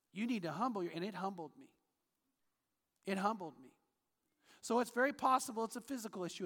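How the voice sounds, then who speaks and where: A man's voice: high-pitched, fairly bright tone. A man preaching a sermon as pastor, earnest and storytelling, reading scripture aloud in a church auditorium. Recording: long hall reverb.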